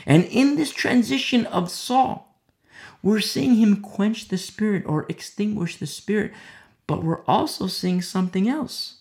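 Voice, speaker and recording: This gravelly, faintly mellow Bible teacher moves through scripture one verse at a time, using lively intonation that rises and falls widely on repeated key phrases. Occasional whispers and rapid voice changes bring parts of the text to life.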